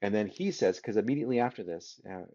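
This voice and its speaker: A fast-talking man with a lowish, dark, expressive voice lectures on a story in a literature class. His habit is to keep asking the audience a rhetorical "right?"; the recorded lecture has dull, lo-fi sound.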